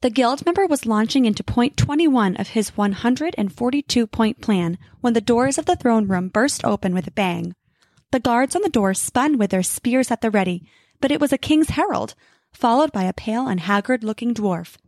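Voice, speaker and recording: A woman narrating a fantasy story in an expressive, clear reading. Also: fairly high pitch, moderate pace, dry recording.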